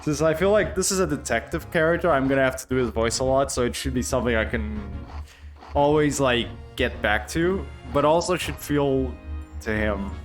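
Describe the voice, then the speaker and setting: A man streaming a live game playthrough, talking excitedly and swearing casually between lines. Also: medium pitch, normal speed, soft background music.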